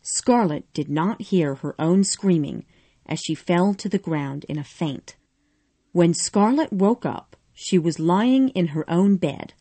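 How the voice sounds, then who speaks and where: A woman narrating a storybook in an expressive, measured way. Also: fairly low pitch, no echo.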